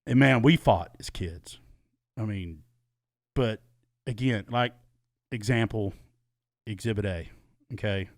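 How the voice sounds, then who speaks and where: A man's voice: on the low side, slow pace, long pauses. A middle-aged man hosting a podcast, telling a story casually and swearing freely. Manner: animated, swears freely, laughs. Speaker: podcast host.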